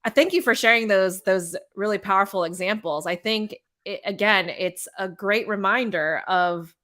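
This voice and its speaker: A woman's voice: mid-range voice, normal speed, a bit bright. A woman podcast host in conversation with a guest, reflecting aloud and asking open questions. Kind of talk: interview conversation.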